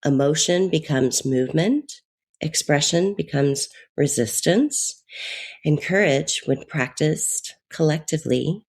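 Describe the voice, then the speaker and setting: Low scratchy voiced woman doing a calm slow astrology forecast. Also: slightly rough. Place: in Europe.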